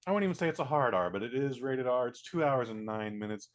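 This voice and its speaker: A man's voice: mid-range voice, fast talker. Blunt, profane male movie reviewer. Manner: blunt, profane, animated, mimics characters. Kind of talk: casual spoken movie review.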